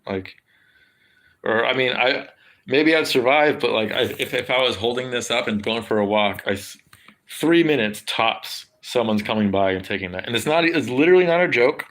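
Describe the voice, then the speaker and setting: A man, rambling casually to his livestream audience, halting and restarting often and swearing a lot. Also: mid-range voice, lively intonation, a bit bright. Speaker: livestream host. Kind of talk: rambling casual stream chat.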